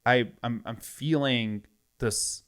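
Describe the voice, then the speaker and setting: A man's voice: mid-range voice, slow pace, smooth. A man casually retelling a story with lots of quoted back-and-forth. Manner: animated retelling with many quoted exchanges.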